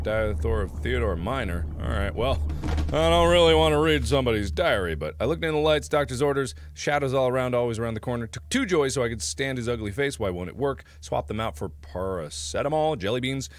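Jokey man doing gameplay commentary, lively swings in pitch. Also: a little hiss or hum. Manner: animated, jokey, laughs often. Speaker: let's-play host.

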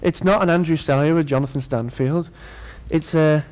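Fairly high-voiced earnest male preacher. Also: fairly quick, darkish tone. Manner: earnest, with playful asides to the congregation. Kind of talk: sermon.

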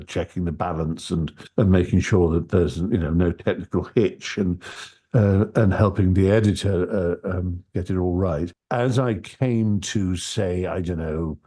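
A man being interviewed, telling stories in an articulate but halting way, often restarting his sentences. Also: deep voice, mellow. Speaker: interview guest, audiobook narrator. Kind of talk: relaxed anecdotal conversation.

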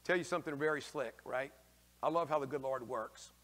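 A male priest giving a lively, folksy homily, taking questions from the congregation and acting out the figures in raised voices. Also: mid-range voice, brisk, long reverb tail. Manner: folksy, slangy asides. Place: church.

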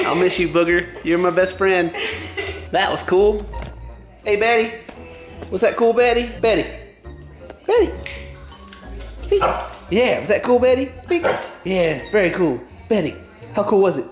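A man's voice: high voice, sing-song, unhurried, pauses often, faint music behind. A man vlogging at home, casual and playful, cracking jokes and humming silly sound effects. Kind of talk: casual family vlog. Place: at home indoors.

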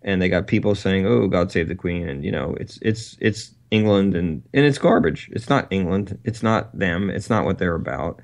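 A man co-hosting a talk radio show, chatting casually in a rambling, animated way and laughing between points. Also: sits low, moderate pace, hardly any pauses. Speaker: co-host.

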